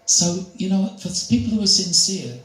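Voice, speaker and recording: A man's voice: high-pitched, animated, normal speed, a bit bright. Older man telling a chatty spiritual story. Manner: chatty, laughing, anecdotal. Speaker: spiritual speaker. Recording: echoey room, distant mic, faint noise.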